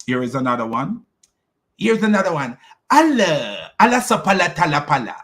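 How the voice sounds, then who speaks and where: A man giving mocking commentary, sarcastic and quick to laugh, with loud exclamations. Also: on the high side, very animated.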